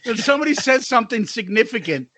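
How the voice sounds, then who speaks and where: A man's voice: very high-pitched, sing-song, fast, pushed and bright, a little hiss or hum. A man co-hosting a casual podcast, loose and joking, swearing casually. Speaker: podcast co-host.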